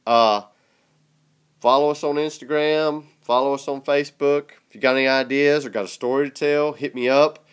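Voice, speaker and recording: A man with a Southern US accent hosts a podcast in relaxed, chatty fashion. His voice is smooth and clear even with a stuffy, congested nose. He drawls along easily, often chuckling. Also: mid-range voice, normal speed. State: congested from a sinus infection. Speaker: podcast host. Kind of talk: casual chat.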